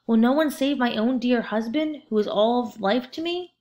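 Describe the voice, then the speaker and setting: Woman voicing a fisherman's wife, storybook, frightened, pleading, pitch rising. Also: normal speed, mellow, natural voice. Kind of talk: storybook read-aloud.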